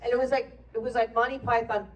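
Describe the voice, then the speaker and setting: A woman's voice: fairly high pitch, fast, recorded from a distance, a little hiss or hum. A woman actor on a convention panel, telling behind-the-scenes stories and laughing as she goes. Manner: animated, laughing while telling anecdotes. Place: convention hall panel, heard from a distance.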